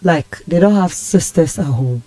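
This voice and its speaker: A woman's voice: lowish voice, expressive, measured pace, mellow, no echo. A Ghanaian woman telling a personal story as a radio guest, impassioned and rambling. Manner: impassioned, rambling, switches languages. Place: radio studio.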